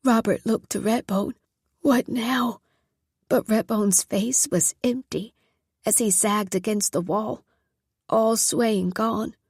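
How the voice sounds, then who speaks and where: A woman reading a novel aloud in steady, measured narration. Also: medium pitch, slightly rough, no room sound, clean studio sound. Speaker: audiobook narrator. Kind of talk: scripted narration.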